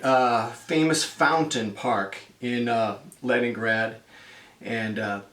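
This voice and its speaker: A man's voice: medium pitch, fairly bright tone, roomy sound, distant mic. A man in his fifties from the United States telling a travel story in a chatty vlog, acting out the people he quotes. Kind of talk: casual spoken storytelling.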